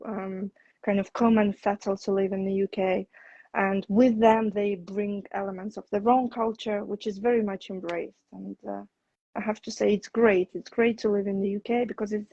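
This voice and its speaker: A woman English teacher talks through ideas in a measured, thoughtful way. Her voice sits at a middle pitch and comes through a dull, lo-fi recording with no room sound at all. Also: creaky, a little mellow, no echo. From outside the UK. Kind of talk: casual conversation on a video chat.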